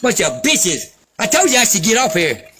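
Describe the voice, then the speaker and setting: A man's voice: high voice, wildly swooping pitch, moderate pace, over music. A man delivering an angry, profane, sarcastic rant as a vlogger. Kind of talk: angry ranting commentary.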